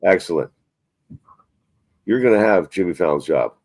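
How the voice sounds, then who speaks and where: A man's voice: deep voice, expressive, normal speed, a little mellow, no room sound. A man hosting a casual live stream, rambling and swearing as he chats about movies. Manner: rambling, profane, self-mocking. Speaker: livestream host.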